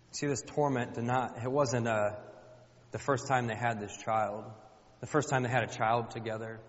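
A man's voice: mid-range voice, fairly even intonation, moderate pace. A man preaching a sermon in a church, colloquial and emphatic, repeating phrases for effect. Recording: dull lo-fi with long hall reverb.

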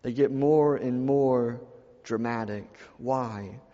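A man's voice: medium pitch, slow pace, warm tone. A man preaching a sermon to his church, repeating phrases and building emphasis as he speaks. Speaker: pastor. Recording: dull sound with long hall reverb.

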